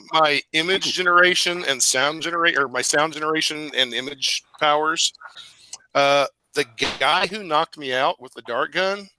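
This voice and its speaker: Bright-voiced man at a game table. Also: a little high, poor audio. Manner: plans aloud with hesitations. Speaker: player. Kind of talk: casual chat.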